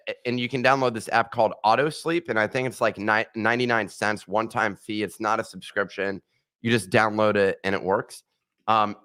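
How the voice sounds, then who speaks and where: Low smooth bright-voiced guy rambling on a podcast, lots of ums. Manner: rambling, many ums and uhs. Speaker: podcast co-host. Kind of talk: casual chat.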